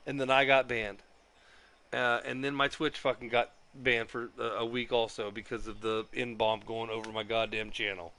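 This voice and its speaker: A man's voice: mid-range voice, sharp tone. A man telling a story about getting banned from an online game, swearing constantly and complaining in an agitated way. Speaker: streamer. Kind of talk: profane ranting storytelling.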